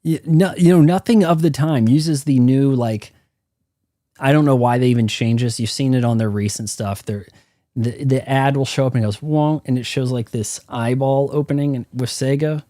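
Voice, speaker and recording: Ranting man with a mellow voice. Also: medium pitch, fairly even intonation, moderate pace, dry recording, studio quality. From United States. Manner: ranting, profane, opinionated. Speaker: streamer. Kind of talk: live gameplay commentary.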